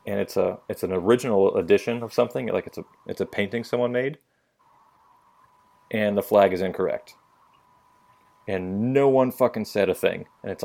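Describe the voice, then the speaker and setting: A man's voice: low voice, vocal fry, darkish tone. A young man telling stories on a casual opinion podcast, blunt and profane. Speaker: podcast co-host.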